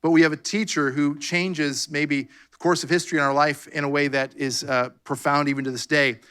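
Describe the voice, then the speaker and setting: High, bright-voiced fervent man preaching. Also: level tone, brisk, clean tone. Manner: fervent, repeats "come on" and "amen" to the congregation. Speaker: pastor. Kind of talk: sermon. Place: church sanctuary.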